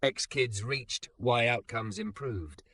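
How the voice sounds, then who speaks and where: A man's voice: mid-range voice, slow pace, bright, forceful tone, dry recording. A man voicing a thoughtful, frank woman who works as a strategist. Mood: reflective. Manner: frank, reflective.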